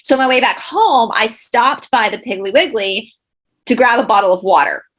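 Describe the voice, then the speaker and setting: A woman in her thirties from Georgia with a Southern accent, telling lively anecdotes in a casual chat. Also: fairly high pitch, moderate pace. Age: 30s. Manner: animated anecdotes. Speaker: guest.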